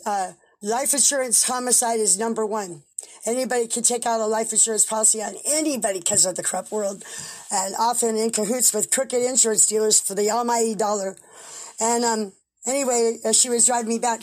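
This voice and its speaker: A woman's voice: fairly high pitch, brisk. A woman telling her own story in casual speech, blunt and profane, acting out what people said. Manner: animated, blunt and profane, acts out quoted dialogue. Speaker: interviewee recounting events.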